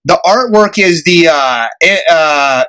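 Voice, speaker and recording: A young man tells a story on his podcast in a loose, chatty way. His voice sits high and sounds bright and forceful. He laughs often and acts out the people in the story. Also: lively intonation, slow pace, smooth, poor audio. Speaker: podcast host. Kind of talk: casual storytelling chat.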